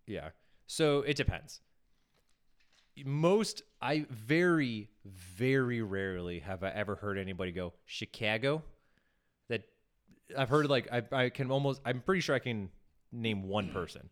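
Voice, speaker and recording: A man's voice: medium pitch, animated, unhurried. A man co-hosting a casual podcast chat, rambling with many restarts and fillers. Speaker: podcast co-host.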